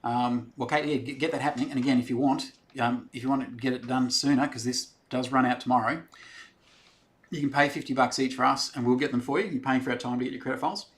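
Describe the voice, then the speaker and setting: Gravelly Australian man chatting live. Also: mid-range voice, fairly even intonation, fast. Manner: chatty, rambling, reads out comments and answers them. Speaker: livestream host answering viewer questions. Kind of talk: casual live Q&A chat.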